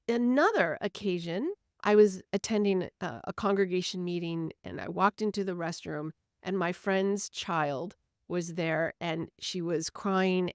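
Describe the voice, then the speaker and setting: Woman, podcast host, mid-pitched voice, earnest, story-led explaining, dry close recording. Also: dry recording. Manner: earnest, explains with everyday stories and examples. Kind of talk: reflective solo podcast talk.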